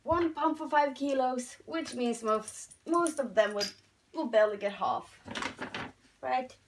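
A woman's voice: sits high, unhurried. A young woman, unboxing new things at home and cooing to her pets in a sing-song way. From Norway. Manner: coos and sing-songs at her animals. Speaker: pet vlogger. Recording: noisy home recording.

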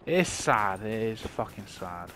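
Swearing gamer ranting mid-match. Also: male voice, lowish voice, expressive, unhurried, a crowd in the background. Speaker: gamer on live comms. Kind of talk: profane live gameplay chat. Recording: noisy gameplay capture. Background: game sounds and gunfire.

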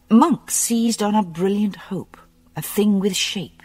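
Slow, animated mystery audiobook narrator, husky tone, long hall reverb and soft music underneath. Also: medium pitch. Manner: slow, measured and expressive reading. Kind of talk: scripted novel narration.

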